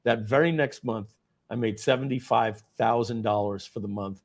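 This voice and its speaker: A man's voice: medium pitch, moderate pace. A middle-aged man, a company founder, telling a dramatic personal story at a company event and acting out the scenes.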